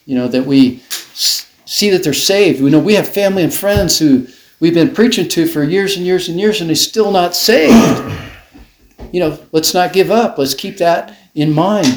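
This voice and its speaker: A man leading a casual church group discussion, talking informally with many fillers and restarts. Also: a little high. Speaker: Bible study leader. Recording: echoey room, faint background noise.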